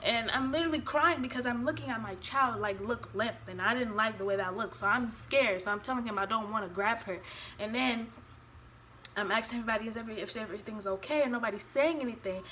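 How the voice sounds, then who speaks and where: A young woman with a bright, forceful voice recounts a personal story for her vlog, animated and blunt, swearing freely. Her voice sits a touch high, and there is a faint hiss of background noise. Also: fast talker. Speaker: vlogger.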